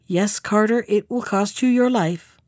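A woman's voice: medium pitch, measured pace, no room sound, studio quality, natural voice. A woman voicing a small, vengeful female sparrow who taunts with cool threats. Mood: taunting.

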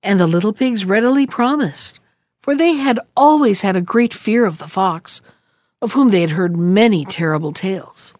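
A woman narrating a children's storybook in a measured, expressive reading. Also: medium pitch, no room sound.

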